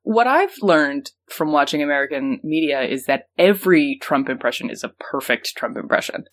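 A woman's voice: sits low, lively intonation, normal speed. A woman hosting a podcast, explaining news in casual, rambling chat full of fillers. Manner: rambling, lots of "um" and "like", laughs easily. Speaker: podcast host.

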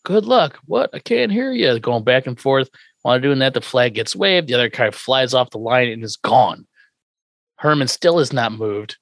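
A man casually recapping an old sitcom episode with co-hosts, acting out characters' lines in quick put-on voices and laughing often. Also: mid-range voice, fairly bright tone, dry recording, studio quality. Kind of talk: casual chat.

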